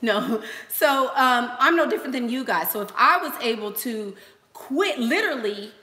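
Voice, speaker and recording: A woman's voice: on the high side, expressive, moderate pace, bright, forceful tone, echoey room. A woman hosting a casual livestream, giving advice in a chatty way, repeating phrases and using lots of fillers. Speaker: host.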